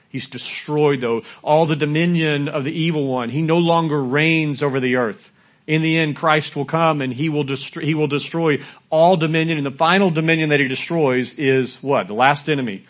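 A pastor with a medium-pitched voice delivers his sermon conversationally, putting questions to the congregation. When he acts out quotes, he sometimes rises into loud shouting.

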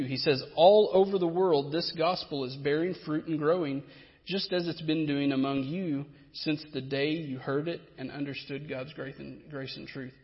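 Guy preaching a sermon, kinda high voice, lots of um and uh, echoey church hall. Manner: earnest, explanatory, with frequent fillers and restarts. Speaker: pastor. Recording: reverberant hall, slightly dull sound.

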